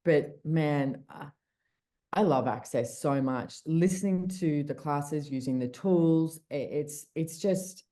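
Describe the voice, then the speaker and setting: A woman with a low, mellow voice talks over a video call. She is chatty and blunt, restarting her sentences and swearing now and then. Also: slow pace. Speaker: podcast host and guest speaker. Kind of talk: casual call conversation.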